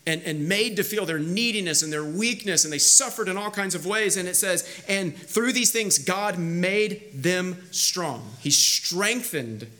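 Male pastor, high lively voice, bright tone; conversational, emphatic sermon delivery with restarts. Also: a little slow, hardly any pauses. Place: church sanctuary.

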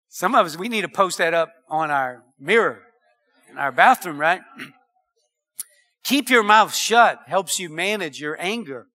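A middle-aged man delivers a sermon in a high, ringing voice with a very bright, forceful edge. He is animated, calls the congregation for amens, and laughs at his own jokes. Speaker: pastor.

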